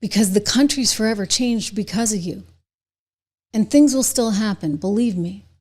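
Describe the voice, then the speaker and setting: A middle-aged woman hosts her own political commentary show, speaking directly to her viewers. Her voice sits at a middle pitch, and she turns indignant and emphatic, leaning hard on her points. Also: moderate pace, a little mellow. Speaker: show host.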